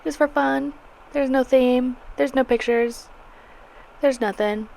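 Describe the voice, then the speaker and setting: A woman's voice: high voice, steady tone, slow pace, gravelly, darkish tone. A young woman with a Southern US accent, chatting through her weekly vlog in a rambling, self-deprecating way, often restarting her sentences. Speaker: vlogger. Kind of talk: casual chatty vlog narration.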